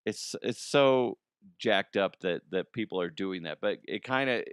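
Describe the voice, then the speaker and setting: A man's voice: on the low side, unhurried, clean tone, no room sound, clean studio sound. Rambling, profane man joking about news. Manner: rambling, profane, laughs at own jokes. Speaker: host. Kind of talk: casual comedic news commentary.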